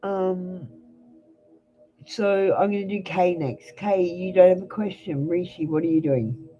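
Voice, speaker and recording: A young Australian woman reads tarot cards live, talking straight and casually to the people watching. Her voice sits mellow and dark rather than bright, and faint music plays underneath. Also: fairly low pitch, steady tone, unhurried, dull audio. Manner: blunt, chatty, addresses viewers by name. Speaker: tarot reader. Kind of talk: live-stream tarot reading.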